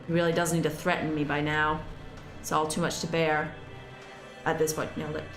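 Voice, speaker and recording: A woman hosting a gaming channel, reading game text aloud and reacting with animated, exasperated outbursts and swearing. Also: fairly quick, faint music behind. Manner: animated and exasperated, swearing, jumping up in pitch when upset. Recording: echoey room.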